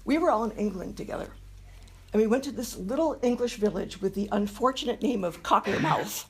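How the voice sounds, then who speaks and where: A woman's voice: medium pitch, fairly quick. A woman speaking at a memorial, telling affectionate, funny stories and laughing often as she goes. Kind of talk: humorous anecdote telling. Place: memorial gathering room.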